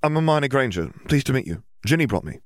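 A man's voice: medium pitch, sing-song, fast talker, no room sound, studio quality, voice pushed up, lightly acted. A man voicing a polite, curious teenage girl. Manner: polite, inquisitive.

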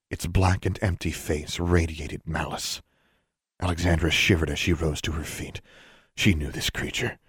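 A man reading a novel aloud as narrator, in a steady, measured storytelling manner. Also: a bass voice, husky, no echo, studio quality. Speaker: audiobook narrator. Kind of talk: scripted narration.

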